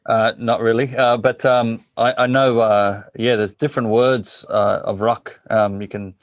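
A man's voice: on the low side, level tone, unhurried, no echo, studio quality. A man from Lebanon hosting a talk show, answering hesitantly with many fillers.

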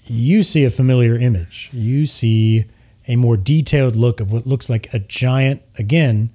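A man narrating as game master of a tabletop game in a relaxed, descriptive way. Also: medium pitch, measured pace.

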